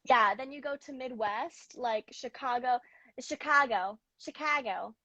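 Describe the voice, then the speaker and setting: A chatty American woman with a Mid-Atlantic accent talks as an interview guest, her voice sitting fairly high. The recording is dry and dull, with a lo-fi sound. She laughs often as she talks. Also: fairly even intonation, a little slow, bright, forceful tone, dry recording. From New York and Pennsylvania. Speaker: music artist guest. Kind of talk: casual interview chat.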